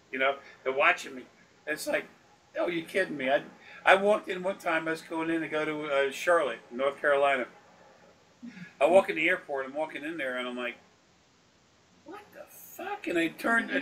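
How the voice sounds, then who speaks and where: A man's voice: a little high, bright, forceful tone. A man telling rambling, profane anecdotes on a recorded consultation, laughing often and acting out the people he quotes. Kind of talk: casual storytelling on a recorded consultation. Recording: distant mic with faint background noise.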